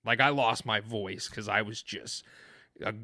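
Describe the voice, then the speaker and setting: A man co-hosting a podcast, retelling an experience in an excited, rambling way, full of restarts and fillers. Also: fairly low pitch, unhurried, no room sound, clean studio sound. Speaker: podcast co-host. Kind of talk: animated storytelling in casual chat.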